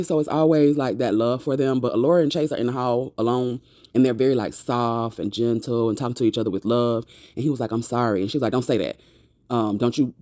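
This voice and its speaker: A woman talks through a TV episode in a loose, chatty way, dropping sassy slang along the way. Her voice sounds warm and mellow. It was recorded close up in a dry, dead room. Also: rumbling low, no echo. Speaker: TV recap vlogger. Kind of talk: casual episode recap.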